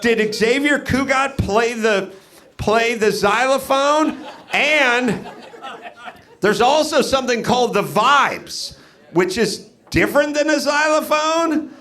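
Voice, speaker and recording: High voiced guy rambling on stage at a comedy club, slow drawn-out delivery, lots of rhetorical questions. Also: expressive, bright, forceful tone. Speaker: comedy podcast host. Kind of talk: live stand-up podcast riff.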